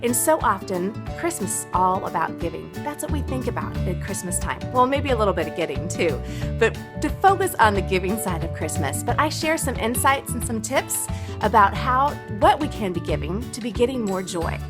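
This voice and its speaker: A woman's voice: medium pitch, big pitch swings, moderate pace, music in the background. A woman from Southern California hosting a casual livestream chat, bubbly and chatty, answering viewer comments as she goes. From Southern California, USA. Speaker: blogger and livestream host.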